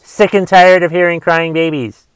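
A man's voice: a little high, fairly even intonation, moderate pace, smooth, no room sound. A man delivering a solo rant, exasperated and swearing often as he talks. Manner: profane, exasperated ranting with restarts.

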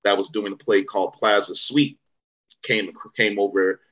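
Heard through lo-fi sound, a fairly low-pitched man talks at a normal pace in a steady, fairly bright tone. He's an actor from Vallejo, California, in the Bay Area, sitting in as an interview guest and spinning rambling stories with many fillers and restarts.

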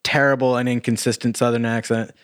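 A young man co-hosting a podcast and reviewing a film in loose, casual chat. He rambles, packs his sentences with filler words, swears freely and laughs often. The sound is dry and close, at a middle pitch. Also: flat delivery, brisk, smooth, dry recording. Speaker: podcast co-host.

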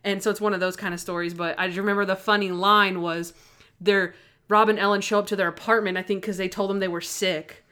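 A young woman in casual chat, retelling TV episodes with quick acted-out lines. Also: mid-range voice, level tone, bright, forceful tone, clear, resonant tone. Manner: chatty retelling of TV scenes, acting out lines.

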